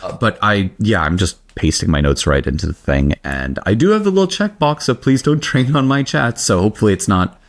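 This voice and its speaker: A man's voice: low-pitched, brisk. A man co-hosting a podcast in casual chat, rambling animatedly and joking at his own expense. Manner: animated, rambling, self-deprecating. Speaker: podcast co-host.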